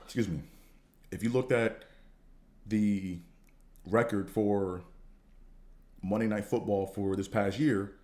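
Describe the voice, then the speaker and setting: A man hosting a podcast, talking in a casual, slangy, profane monologue that rambles and jumps higher when he gets fired up. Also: fairly even intonation, takes it slowly, pauses often, darkish tone. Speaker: podcast host.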